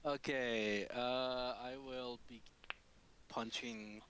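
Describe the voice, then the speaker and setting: A man's voice: medium pitch, steady tone, drawn-out words, a crowd in the background. A man playing a tabletop game, declaring his actions hesitantly while thinking aloud. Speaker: player. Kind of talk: casual tabletop play.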